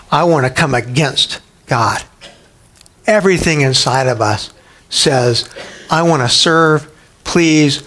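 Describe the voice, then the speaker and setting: Lively, fairly high-voiced male preacher. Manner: animated, conversational preaching with acted-out quotes. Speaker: pastor. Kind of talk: sermon.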